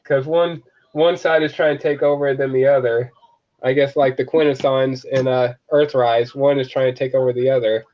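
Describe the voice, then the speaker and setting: A man chatting casually and animatedly, laughing often and slipping into quick character voices. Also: medium pitch, steady tone. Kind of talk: casual chat. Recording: dull lo-fi sound.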